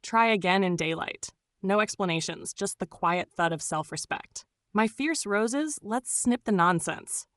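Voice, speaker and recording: A woman's voice: medium pitch, lively intonation, unhurried, fairly bright tone, no echo. A woman reading scripted narration in a gushing, doting way, full of pet names.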